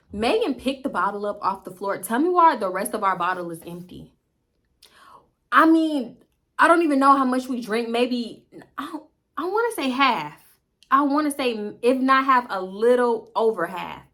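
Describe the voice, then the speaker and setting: A young woman recounts a messy night out straight to camera, lively and foul-mouthed. Her voice sits a bit high and rings bright and forceful. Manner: animated, profane, addresses viewers directly. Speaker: storytime vlogger. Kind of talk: casual storytelling to camera.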